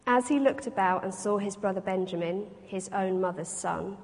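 Reading scripture aloud and then explaining it, a woman preaches reflectively to a congregation in a medium-pitched, darkish voice at a moderate pace. The recording has long hall reverb.

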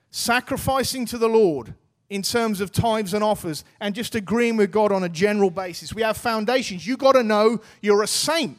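A man in his thirties preaching a sermon, earnest and exhorting, with casual, everyday phrasing. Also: high voice.

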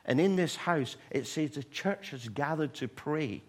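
A man preaching a sermon, retelling stories in an animated way with humorous asides to the congregation. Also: fairly high pitch, unhurried. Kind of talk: sermon storytelling.

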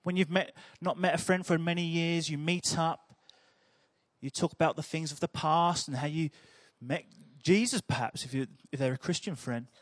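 A man's voice: fairly high pitch, normal speed, dry recording, clean studio sound. A man preaching a sermon in a chatty, humorous storytelling way.

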